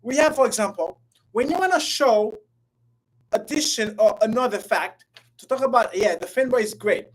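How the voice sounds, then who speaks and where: A woman with a fairly high voice teaches English in a live class. She coaxes her students and repeats her questions. Her delivery is playful and lively, and her volume rises and falls. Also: normal speed, low-quality recording. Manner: playful, coaxing, repeats herself often; lively, swings between loud and soft. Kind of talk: live online language class.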